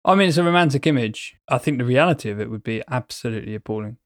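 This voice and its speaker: A man's voice: mid-range voice, animated, rapid-fire, dry recording, studio quality. A man co-hosting a casual chat, talking in a playful, rambling way and painting vivid pictures with his words. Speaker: podcast co-host.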